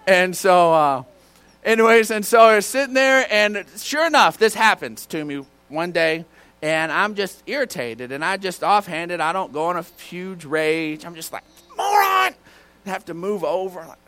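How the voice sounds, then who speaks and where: A man preaching a sermon in church, telling folksy stories and now and then shouting out a line. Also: high-pitched, animated, moderate pace. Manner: folksy storytelling with bursts of shouting. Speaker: pastor.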